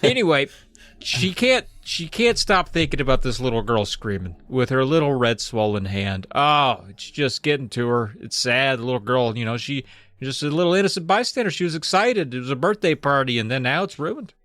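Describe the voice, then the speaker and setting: A man's voice: medium pitch, big pitch swings, normal speed, a bit bright, dry recording. A man who is a stand-up comedian, co-hosting a podcast, recapping a book and telling stories in a rambling, profane, laid-back way. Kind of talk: casual chat recapping a book.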